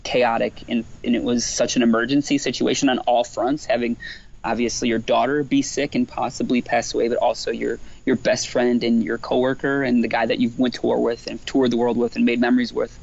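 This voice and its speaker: Man guest, gravelly, earnest storyteller, slightly dull lo-fi recording. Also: medium pitch, little pitch movement, fairly quick, a little mellow. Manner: earnest, reflective, lots of restarts and "like". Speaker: guest musician. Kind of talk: candid conversational storytelling.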